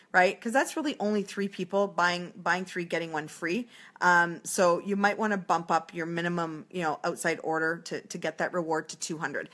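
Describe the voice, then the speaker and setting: A woman's voice: lowish voice, a bit bright. A woman coaching direct sellers in a casual, upbeat livestream talk, breaking into bubbly acted calls to a hostess. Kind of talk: casual coaching talk on a live video stream.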